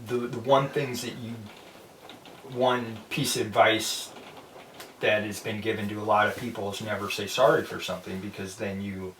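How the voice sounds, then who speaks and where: A man's voice: on the low side, fairly even intonation, normal speed, fairly bright tone, distant mic. A man talking as a podcast guest, musing aloud and circling back through his thoughts. He is recorded a bit away from the mic in a roomy space, with some echo. A faint hiss sits behind his voice. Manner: reflective, hesitant restarts. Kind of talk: casual chat.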